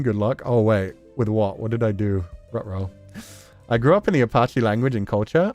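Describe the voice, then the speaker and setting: A man hosting a livestream, chatting loosely with viewers, full of fillers and frequent laughter. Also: mid-range voice. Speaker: livestream host. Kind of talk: casual livestream chat reading viewer messages.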